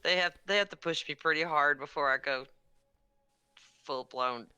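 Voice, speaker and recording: A woman's voice: low voice, moderate pace, sharp tone, clear, resonant tone, soft background music. An older woman chatting casually on a livestream, teasing and laughing often. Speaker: livestream guest. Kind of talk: casual chat.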